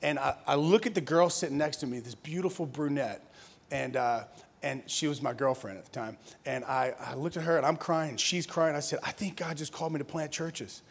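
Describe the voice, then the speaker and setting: Speaking a little fast in a gravelly, husky mid-range voice, this man from Louisiana, USA, is a pastor in his thirties. He gives his personal testimony as a conversational conference sermon, laughing and restarting along the way.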